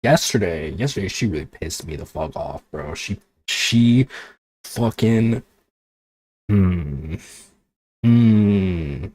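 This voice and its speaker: A man's voice: low-pitched, animated, slow pace, dark tone, no room sound. A man streaming as a VTuber, ranting casually with exasperation, swearing and sarcasm. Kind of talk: casual livestream chat.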